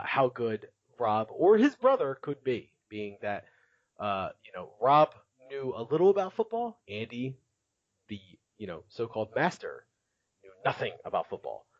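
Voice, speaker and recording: A podcast host recaps in a casual, chatty way, laughing often and using many filler words. His voice is on the low side, and the lo-fi recording has no echo.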